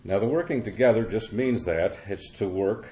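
Deep-voiced older male preacher, mellow tone. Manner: slow, repetitive expository preaching with pauses. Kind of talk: sermon.

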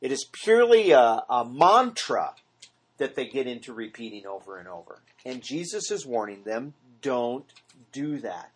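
A man's voice: medium pitch, big pitch swings, moderate pace, a little hiss or hum. A man teaching a small Bible study in earnest, often asking the group questions. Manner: earnest, asks the group questions, mimics repetitive praying.

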